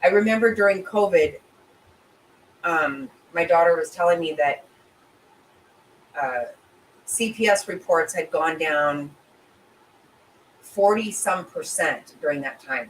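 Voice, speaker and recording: A woman's voice: on the low side, echoey room, far from the mic, poor audio. A middle-aged woman hosts a casual livestream, answering viewers with emotional, sympathetic rambling full of restarts. Her voice sits a little away from the mic. A faint ambient noise runs underneath. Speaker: livestream host reading chat.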